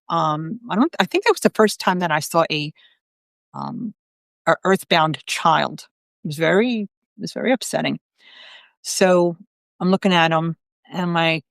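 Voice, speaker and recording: A middle-aged woman works as a psychic medium and tells her story in a casual live-video chat, with a slightly low voice. She talks chattily and keeps breaking into asides and quoted self-talk. The sound is dry and close, with no room echo.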